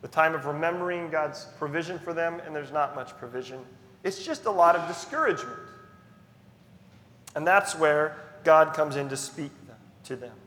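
A man's voice: on the high side, normal speed, bright, forceful tone, roomy sound, in a large hall, slight background noise. A man preaching a sermon as pastor, earnest and emphatic, stressing key phrases through repetition.

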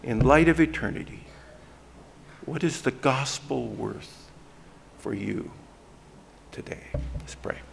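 A man preaching a sermon as pastor, swinging from hushed, soft phrases to loud, emphatic ones. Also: mid-range voice, slow, gravelly, pauses often, slight background noise.

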